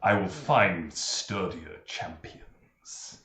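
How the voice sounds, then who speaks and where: A man voicing a menacing, dying fish-folk priestess in a slow, deep, ominous voice for a tabletop game. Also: fairly bright tone, roomy sound, exaggerated voice.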